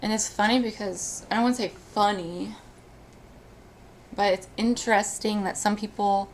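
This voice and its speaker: A woman talking on a live stream in casual chat, speaking emotionally, with halting restarts. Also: mid-range voice, fairly even intonation.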